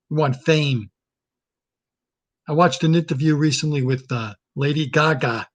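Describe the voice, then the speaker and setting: A man with a slightly high voice gives a casual comedic monologue. He muses in a folksy way and keeps asking his listeners rhetorical questions. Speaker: comedian hosting a weekly talk segment.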